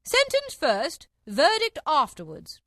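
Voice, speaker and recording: A woman reading aloud puts on a tyrannical storybook queen who screams her commands, high and very loud, each word stretched out. Her voice sweeps up and down wildly in a dry close recording. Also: huge pitch swings, dry recording, exaggerated voice. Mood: furious. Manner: shrill, drawn-out shouting. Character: furious bossy queen who shouts orders.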